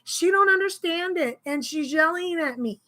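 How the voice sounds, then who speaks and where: Woman shopper venting a story on her vlog, high bright voice, animated and exasperated. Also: normal speed. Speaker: grocery delivery shopper.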